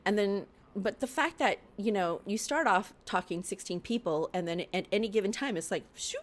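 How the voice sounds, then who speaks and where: A woman hosting a live-streamed podcast, telling a story in an animated way and laughing often. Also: medium pitch, moderate pace. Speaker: host. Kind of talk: livestream podcast chat.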